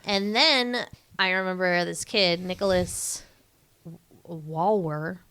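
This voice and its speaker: A young adult woman co-hosting a podcast, chatting casually and telling animated childhood stories with many fillers and playful put-on voices. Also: fairly low pitch, slow, smooth. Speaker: podcast co-host. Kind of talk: casual chat.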